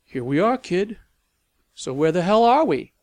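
A man's voice: high voice, sing-song, a little slow, darkish tone, no room sound, voice pushed up. A man voicing a tough, protective older woman who talks bluntly and swears.

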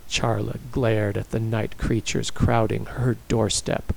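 A man narrating a story in a dramatic, expressive reading style. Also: lowish voice, unhurried, gravelly, low-quality recording.

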